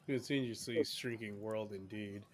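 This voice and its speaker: A man's voice: on the low side, steady tone, moderate pace, slight background noise. A man running a tabletop game as game master, narrating in a casual, rambling, profane way.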